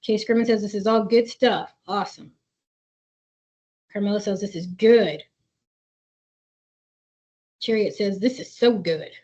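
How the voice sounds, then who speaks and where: A woman's voice: mid-range voice, a little slow, long pauses, mellow, muffled recording. A woman therapist leading a webinar for parents, talking in an earnest, conversational way and reading chat comments aloud. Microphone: video call.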